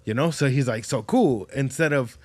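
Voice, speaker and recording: A man hosting a casual podcast, talking in a relaxed, slangy way, swearing freely and filling his stories with "like" and "dude". His voice sits at a middling pitch and sounds dry and close, with no room around it. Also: normal speed, no echo. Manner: slangy, profane storytelling with lots of fillers. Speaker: podcast host. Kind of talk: casual chat.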